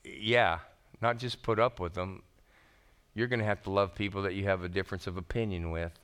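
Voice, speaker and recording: A man preaching a sermon as pastor, animated and folksy, talking casually to his congregation. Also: low-pitched, brisk, clean tone.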